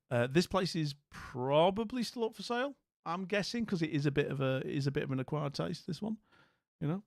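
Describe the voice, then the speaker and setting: A man's voice: mid-range voice, no room sound, clean studio sound. A man with an English accent hosting a casual livestream, rambling and jokey with lots of restarts. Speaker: livestream host.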